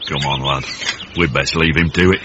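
An actor playing a blunt, deadpan older uncle with a gruff manner in a radio comedy. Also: male voice, rumbling low, normal speed, noisy background. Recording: dull old radio broadcast.

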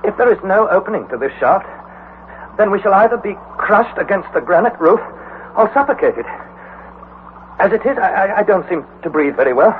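Old radio drama: a nervous young nephew on an expedition, excitable and panicky, with a lively, swinging voice. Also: male voice, high-pitched. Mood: anxious. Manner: anxious, breathless, quick to panic. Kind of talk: 1940s radio acting. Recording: tinny, hissy old radio broadcast.

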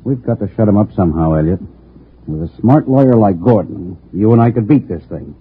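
A man playing a blunt, grim male crook in a 1940s radio drama, curt, with a raspy voice. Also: fairly low pitch, animated, a little fast. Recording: tinny old radio broadcast.

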